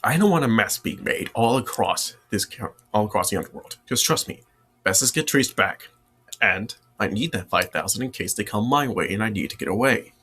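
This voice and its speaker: A man's voice: on the low side, animated, moderate pace, a bit bright, slightly rough. A man playing a stern, big alien crime boss. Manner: stern, lecturing. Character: big gruff male alien crime contact.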